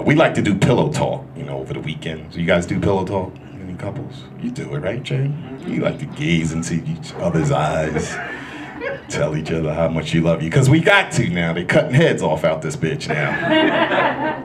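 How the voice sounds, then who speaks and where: A man doing a stand-up comedy set in a club, loud and crude, working the crowd as he tells stories. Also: on the low side, gravelly. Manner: loud, crude, animated storytelling with crowd work. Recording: live club recording with room noise.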